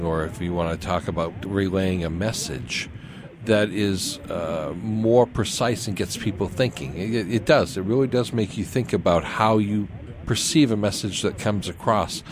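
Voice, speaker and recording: A man hosting a radio interview, relaxed and easy to laugh, asking thoughtful questions. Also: low voice, normal speed, crowd noise. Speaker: radio host.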